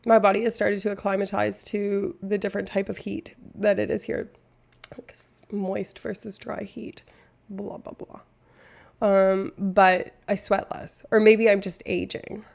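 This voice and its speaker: A woman's voice: mid-range voice, little pitch movement, normal speed, vocal fry, hardly any pauses, a little mellow. A woman from Canada, a streamer chatting casually and rambling, laughing often at herself. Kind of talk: casual chat.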